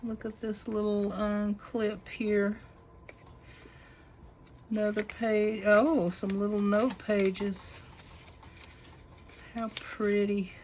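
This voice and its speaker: A woman with a Southern US accent showing a crafted notebook to her camera at home, gushing with admiration and slipping into breathy asides. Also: medium pitch, flat delivery, very slow, pauses often, a little mellow, slight background noise, low-quality recording. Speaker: craft channel host. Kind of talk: casual unboxing show-and-tell.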